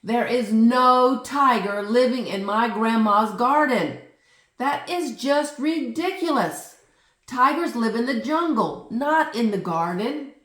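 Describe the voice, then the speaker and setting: A woman's voice: mid-range voice, big pitch swings, takes it slowly, distant mic. A woman voicing a stubborn, skeptical little girl who talks in an insistent, exasperated way. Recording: roomy echo.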